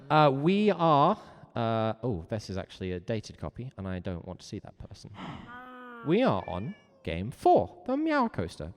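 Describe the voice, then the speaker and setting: A man teaching a live-streamed music lesson, playful and chatty, jumping up into high meows and moos. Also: in a large hall, a little hiss or hum. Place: home room with a cello on the wall.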